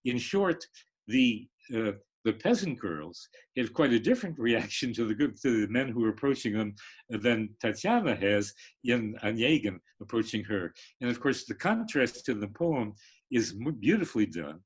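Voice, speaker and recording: Here an older male literature professor with a husky, medium-pitched voice sounds animated as he holds a lecture-style discussion over an online live stream. His speech is halting, packed with fillers and restarts, and he sings rhythms now and then.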